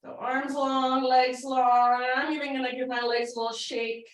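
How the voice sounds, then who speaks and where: Echoey yoga teacher, high voice. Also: female voice, level tone, moderate pace. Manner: casual, encouraging cues while demonstrating poses. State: out of breath. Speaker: yoga instructor. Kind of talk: guided yoga class instruction. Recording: echoey room, mic at a distance.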